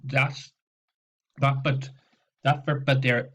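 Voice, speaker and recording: A laptop microphone gives this recorded French class a slightly muffled, lo-fi sound. The male teacher talks slowly in a steady, mid-range voice, explaining patiently, repeating himself, checking in with students and saying "okay" frequently.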